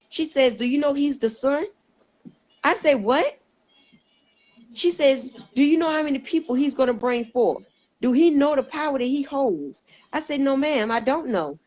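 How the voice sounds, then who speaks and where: A woman with a somewhat high voice tells her personal testimony as a guest. She speaks earnestly and emphatically, acting out the voices in the conversations she recounts. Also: normal speed, low-quality recording. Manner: earnest, emphatic storytelling that acts out quoted dialogue.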